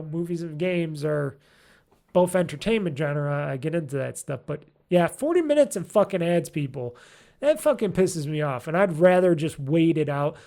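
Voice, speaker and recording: A man's voice: a little high, vocal fry, a little mellow. Rambling, cussing man hosting a podcast. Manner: rambling, profane, many ums while searching for names. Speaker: gaming podcast host. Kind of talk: casual solo podcast chat.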